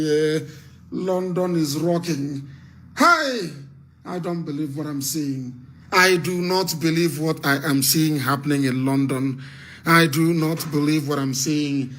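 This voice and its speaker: A man's voice: a little high, sharp tone. A man with a Nigerian accent giving an impassioned radio address as a political activist, fiery and repetitive, barking orders.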